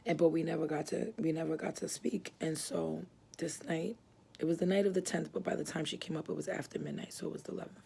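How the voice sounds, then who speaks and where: Woman, gravelly husky voice, flat delivery, rambling earnest testimony with lots of "um"s. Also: low-pitched, fast. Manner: earnest, rambling, many fillers and restarts; moved and emotional as she tells it. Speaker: church member giving testimony. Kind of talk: personal religious testimony.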